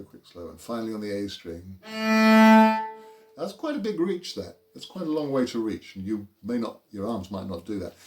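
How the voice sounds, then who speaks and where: A man with a fairly low voice teaches a relaxed cello lesson, explaining each step plainly. He slips in dry, self-mocking asides, and cello notes sound between his phrases. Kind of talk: informal music lesson. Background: cello playing between phrases.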